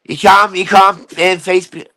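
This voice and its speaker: A man's voice: high voice, flat delivery, moderate pace, pushed and bright, rough recording. A man rants on his live stream, taunting an absent rival and swearing as he rambles. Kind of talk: ranting casual live stream.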